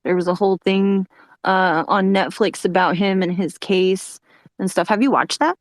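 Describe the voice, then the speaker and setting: A woman's voice: medium pitch, normal speed, dry recording. A young woman in casual chat, loose and swearing, filling with "like" and "um". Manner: loose, swears, says "like" and "bro".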